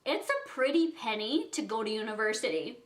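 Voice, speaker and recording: A woman's voice: on the high side, big pitch swings, a little fast. A young woman telling a casual storytime vlog, chatty and full of fillers, often breaking into giggly asides. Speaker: vlogger. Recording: echoey room.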